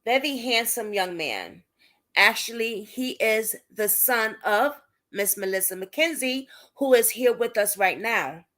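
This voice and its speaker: A young Brooklyn woman, accent and all, addresses her livestream viewers by name with emphatic indignation while hosting a casual advocacy stream. She sounds a bit bright and on the high side, unhurried, with lively intonation.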